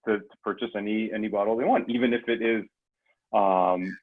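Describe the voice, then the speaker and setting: Husky low man over a phone line. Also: fairly even intonation, a little fast. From California. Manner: rambling, with many restarts. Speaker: guest. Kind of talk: casual conversation.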